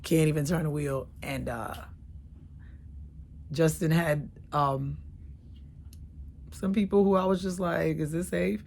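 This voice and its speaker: Low-voiced woman telling a candid personal story. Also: steady tone, slow, vocal fry, pauses often. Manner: candid, emotional, swings between hushed and loud.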